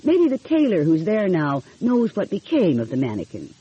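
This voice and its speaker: A woman's voice: on the low side, wildly swooping pitch, normal speed, husky, lo-fi sound, exaggerated voice. A woman voicing an eager, polite young amateur detective who asks pointed questions. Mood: inquisitive. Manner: polite, inquisitive.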